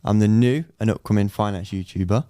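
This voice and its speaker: A man's voice: lowish voice, fairly quick, mellow, no room sound, clean studio sound. A seventeen-year-old man with an English accent, a guest chatting modestly and agreeably on a podcast. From England. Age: teens. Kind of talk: casual chat.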